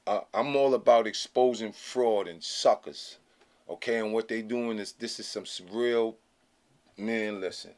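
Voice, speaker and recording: A man's voice: fairly low pitch, unhurried, darkish tone. A man hosting his own channel, talking casually to camera in a blunt, slangy, emphatic way that keeps checking in with "okay?". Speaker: channel host.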